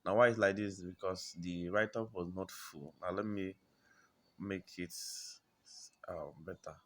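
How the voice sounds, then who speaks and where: A man explaining design principles in a tutorial, halting, repeating words and often clearing his throat, checking in with the listener. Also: low-pitched, steady tone. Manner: checks in with "you understand?". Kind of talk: screen-recorded tutorial explanation.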